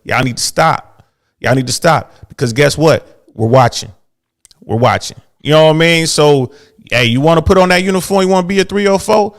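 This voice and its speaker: A man's voice: fairly high pitch, a little fast. A man giving emphatic closing remarks as a guest, repeating his points for effect. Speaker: guest commentator.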